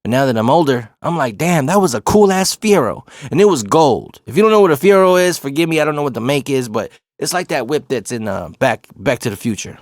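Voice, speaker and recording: A man telling a personal story in a casual, profane, animated way. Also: mid-range voice, fast talker, hardly any pauses, no echo, clean studio sound.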